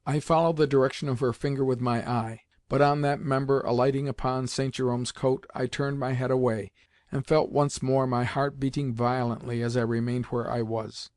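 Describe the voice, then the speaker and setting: Male audiobook narrator, mid-pitched, measured and even, close dry mic. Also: no room sound. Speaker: audiobook reader. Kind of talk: scripted narration of a classic novel.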